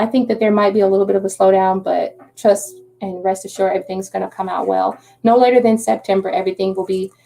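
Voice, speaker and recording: A woman's voice: medium pitch, gravelly, mellow. A woman doing a live-stream tarot reading, chatty and reassuring, often checking in with "okay?". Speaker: tarot reader.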